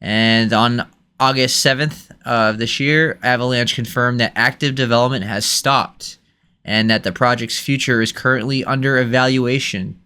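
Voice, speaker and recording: A man hosting a casual gaming podcast, running through the news in a relaxed, lightly joking way. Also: mid-range voice, moderate pace, smooth. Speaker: podcast host.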